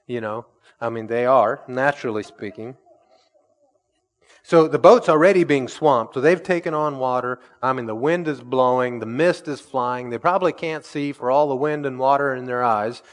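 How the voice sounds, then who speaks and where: A man preaching a sermon in an animated way, acting out the quoted voices with sudden loud, high jumps. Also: normal speed, big-room sound. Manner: animated, acts out quoted voices with big jumps in pitch and volume.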